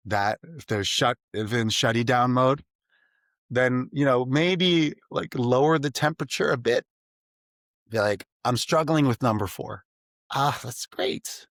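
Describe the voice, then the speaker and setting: A middle-aged man, a math teacher and podcast guest, talking casually and animatedly, slipping into high put-on student voices as he tells stories. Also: dry recording, clean studio sound. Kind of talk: casual interview conversation.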